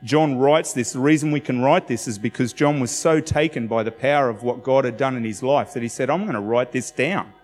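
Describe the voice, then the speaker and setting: A man's voice: mid-range voice, a little fast, hardly any pauses. A man preaching in an easygoing, conversational way, acting out the lines he quotes and laughing at himself. His voice carries a long hall reverb, with faint music playing underneath. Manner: conversational, self-deprecating, acts out quotes. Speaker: pastor. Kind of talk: sermon.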